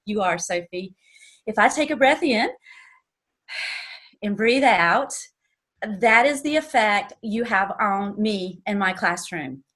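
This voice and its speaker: An older woman, a teacher with a Southern US accent, giving an emotional, halting tribute to a student and close to tears. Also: medium pitch, a bit bright. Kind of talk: heartfelt tribute speech.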